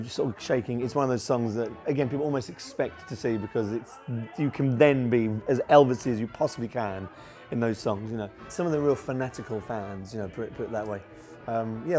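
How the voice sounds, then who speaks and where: A man's voice: mid-range voice, brisk, mellow, soft background music. A man in his forties, a tribute performer, chatting in a documentary interview with lots of fillers and restarts. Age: 40s.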